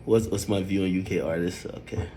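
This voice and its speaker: A man hosting a livestream, telling stories in animated casual chat, with a husky voice and sudden loud outbursts. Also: low-pitched, slight background noise. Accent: New York. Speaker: livestream host.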